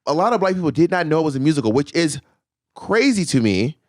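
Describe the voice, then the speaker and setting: A man co-hosting a podcast in casual chat, an animated storyteller who laughs often. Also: on the high side, fast talker, no echo, clean studio sound. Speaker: podcast co-host.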